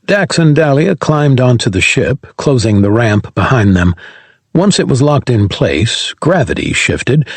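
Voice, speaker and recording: A man reads an audiobook with a husky, slightly breathy voice. His pitch rises and falls in an animated way, and the recording is close and dry with no room sound. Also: measured pace, dry recording. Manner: voices every character himself. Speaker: audiobook narrator. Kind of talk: scripted audiobook narration.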